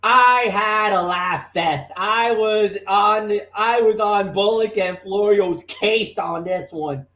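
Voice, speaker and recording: A man co-hosting a wrestling talk show, excitable and rambling, with lots of restarts. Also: sits high, slow, hardly any pauses, roomy sound. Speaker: wrestling podcast co-host. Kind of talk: casual chat.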